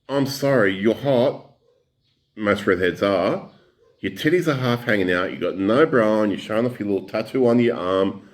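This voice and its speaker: A man's voice: lowish voice, a little mellow. Blunt, swearing man ranting. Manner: angry, blunt, heavy swearing. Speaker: commentator reacting to clips. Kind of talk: ranting reaction commentary.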